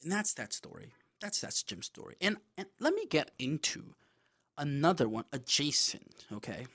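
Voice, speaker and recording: Profane, animated male podcast storyteller. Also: on the high side, moderate pace. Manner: loose, profane, animated retelling with frequent asides. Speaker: podcast host. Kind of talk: casual solo storytelling.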